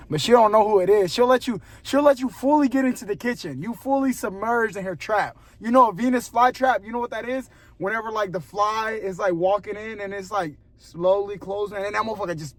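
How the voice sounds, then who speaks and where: Recorded at night on a phone or camera mic in a gym parking lot, a young man vlogging tells a lengthy story straight to the lens, using casual slang. His voice is high and light; he grows animated, laughs often, and sinks into a hushed tone to build tension.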